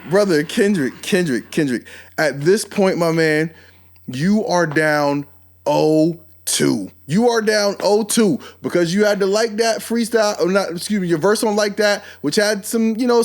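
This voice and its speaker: A man hosting a podcast, giving casual, animated commentary and talking straight at the people he discusses. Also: high voice. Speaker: podcast host.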